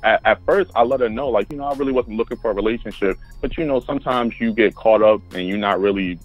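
A man talks casually and plainly about his relationship, laid-back and a little halting. His voice sits low. The sound is dry and close, with faint music behind. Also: dry recording, highs cut off. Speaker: guest seeking advice. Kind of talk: casual chat.

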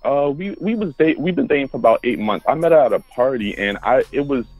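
A man talking casually about his relationship, laid-back and halting, speaking plainly. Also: medium pitch, lively intonation, a little mellow, no room sound, faint music behind, rough recording. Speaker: guest seeking advice. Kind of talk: casual chat.

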